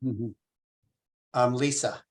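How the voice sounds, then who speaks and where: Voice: mid-range voice, slow pace. Rabbi talking a small group through a text, easygoing, lots of "um" and "right?". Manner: explains patiently, asks the group questions; informal, with fillers and restarts. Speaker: rabbi teaching a text study. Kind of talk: conversational Torah class.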